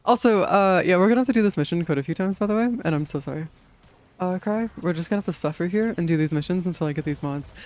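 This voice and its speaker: A man's voice: sits high, fast talker, a little mellow. A young man streaming a game in casual chat, rambling with many fillers, swearing and laughing often.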